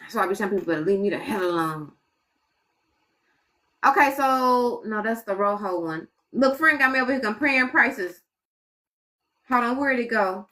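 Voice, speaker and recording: A woman's voice: medium pitch, sharp tone. A woman chatting casually on a live stream, muttering exasperated asides to her viewers as she goes.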